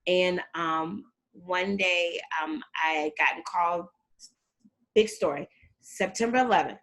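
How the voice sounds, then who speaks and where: A middle-aged woman telling her story as a guest in a casual interview, lively and acting out the people she quotes. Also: slow pace. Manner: animated, acts out quotes with big jumps in pitch. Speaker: guest, performer and fitness trainer.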